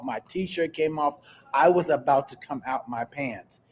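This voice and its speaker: A man from Kansas hosting a live podcast, telling stories in an animated, chatty way and talking straight to his viewers. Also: on the high side, unhurried, breathy edge. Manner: animated storyteller, chatty, addresses viewers directly. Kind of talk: casual live-stream chat.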